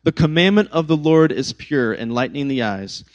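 Conversational male pastor, fairly high voice. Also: normal speed, muffled recording. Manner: conversational, animated storytelling with asides. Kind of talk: sermon.

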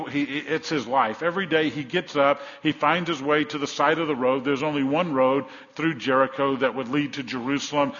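A man's voice: mid-range voice, a bit bright. A man preaching a sermon, telling a Bible story vividly and acting out the voices of the crowd. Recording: dull sound with long reverb in a hall.

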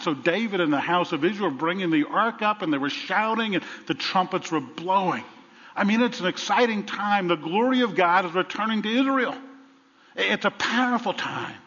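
Man, sermon, animated preaching, loud to hushed, slightly higher voice, echoing hall. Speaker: pastor. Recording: dull sound with long reverb.

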